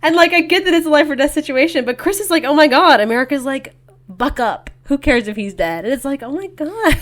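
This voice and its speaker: A woman co-hosting a book podcast in casual chat, quickly quoting characters' lines as she talks. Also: high voice. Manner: chatty, acts out characters' lines in quotes. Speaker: podcast co-host.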